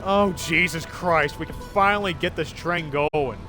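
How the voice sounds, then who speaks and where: This is a man commentating his own gameplay on a live stream, with a voice that sits a bit high for a man. He talks straight to his chat, swings between muttering and excited outbursts, and swears freely. Faint music plays underneath. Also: measured pace.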